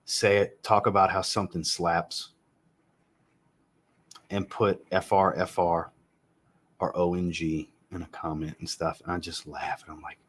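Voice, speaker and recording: A man's voice: low-pitched, level tone, unhurried, long pauses, husky. A man in his thirties hosting a casual live chat about fragrances from home, blunt and joking, and he swears casually. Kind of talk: casual livestream chat answering viewers. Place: home room with a fragrance shelf.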